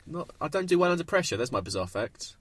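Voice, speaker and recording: Husky, lively young male guest. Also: fairly high pitch, fast. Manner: lively anecdote teller, chuckling. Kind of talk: casual storytelling.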